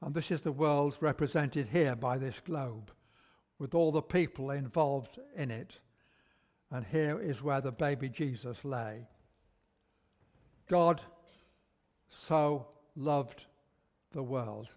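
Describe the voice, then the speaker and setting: Slow, emphatic preacher in a church. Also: male voice, mid-range voice, a little mellow. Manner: slow, emphatic, repeats key words. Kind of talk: sermon. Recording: long church reverb.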